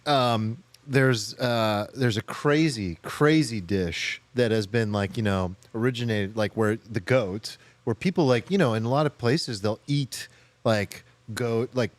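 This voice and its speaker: A man's voice: medium pitch, unhurried, no room sound. A man co-hosting a podcast, joking and reacting in casual banter, with occasional swearing. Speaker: podcast co-host. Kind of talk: casual chat.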